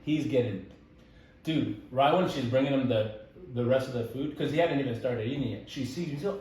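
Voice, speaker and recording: A young man telling stories in casual conversation, animated and laughing as he goes, with many fillers like "like" and "dude.". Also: mid-range voice, brisk. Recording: echoey room, voice from some distance.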